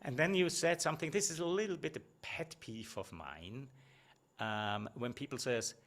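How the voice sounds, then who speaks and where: A middle-aged man gives a presentation coach's feedback in an easy, conversational way. He keeps checking in with tag questions, restarts his phrases and stresses the words that matter, with a voice of ordinary pitch for a man. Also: normal speed, fairly bright tone.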